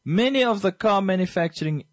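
A man's voice: high voice, fairly quick, dry recording, rough recording. A man from Namibia co-hosting a radio talk show, speaking with passion and emphasis. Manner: passionate, emphatic, lively delivery.

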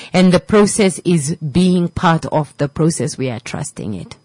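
This radio host speaks in a low, dark, husky voice, delivering an emotional, preachy motivational talk to her listeners. She keeps repeating her lines and sinks into near-whispers, sounding dry and close on a studio mic with no room sound, though the recording is rough.

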